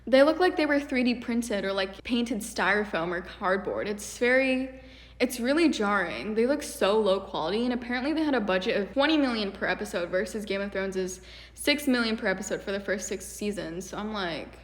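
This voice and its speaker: A young woman YouTuber giving a casual critique in an animated, exasperated way, with many fillers. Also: mid-range voice, brisk. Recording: echoey room with long reverb.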